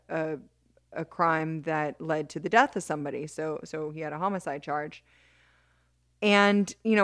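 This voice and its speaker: A woman as an interview guest, telling a story in an animated way with many restarts and bursts of laughter. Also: lowish voice, no room sound, clean studio sound. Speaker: interview guest, criminal justice advocate.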